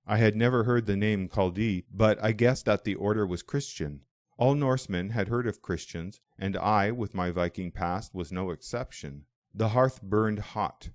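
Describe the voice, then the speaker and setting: A man narrating a first-person audiobook in a measured, reflective way. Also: lowish voice, no echo, studio quality.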